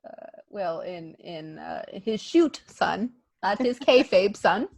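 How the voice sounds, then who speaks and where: A woman co-hosting a casual wrestling podcast, animated and laughing, acting out others' lines in jokey voices. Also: medium pitch, slow, gravelly, no echo. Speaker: podcast co-host.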